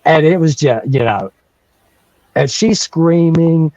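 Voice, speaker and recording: A man's voice: a little high, takes it slowly, a little mellow, no echo, highs cut off. A man, telling a story on a livestream in a rambling way, with restarts and chuckles. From North Carolina. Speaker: guest storyteller.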